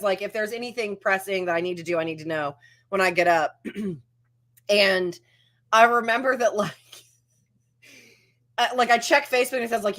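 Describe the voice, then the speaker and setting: A woman's voice: medium pitch, a bit bright. Lady cohost just rambling on a live stream, lotta "like"s. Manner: rambling, lots of "like" and restarts. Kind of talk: casual live-stream chat.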